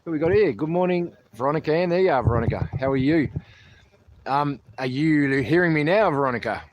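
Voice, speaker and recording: A man's voice: a little high, fairly quick. An Australian man hosting a casual outdoor livestream on a handheld mic, chatty and joking, calling everyone mate. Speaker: livestream host. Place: outdoors at a protest camp. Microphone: handheld microphone. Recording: noisy outdoor stream.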